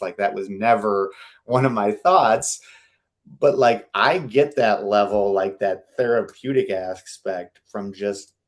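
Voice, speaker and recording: A man in his thirties hosting a podcast, talking in a loose, rambling way with many fillers. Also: lowish voice. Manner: chatty, rambling, lots of fillers. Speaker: podcast host. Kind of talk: casual interview talk.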